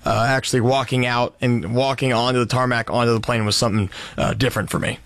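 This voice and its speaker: A man's voice: mid-range voice, steady tone, a bit bright, no room sound. A young man who runs the board at a radio studio, answering modestly with hesitations. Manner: modest, halting. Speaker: board operator.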